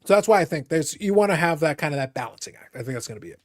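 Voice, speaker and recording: A man from Canada hosts a relaxed live podcast. His voice sits a little high for a man, and his talk is animated and full of jokes, often running over his co-hosts. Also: rapid-fire. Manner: animated, jokey, talks over others. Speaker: podcast host. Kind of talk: casual chat.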